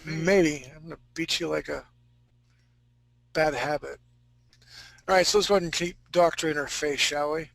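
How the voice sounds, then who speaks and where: A man's voice: a little high, steady tone, moderate pace, gravelly, pauses often, fairly bright tone, no room sound, low-quality recording. A man teaching a live fantasy-art drawing class, talking casually and joking with his students. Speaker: art instructor.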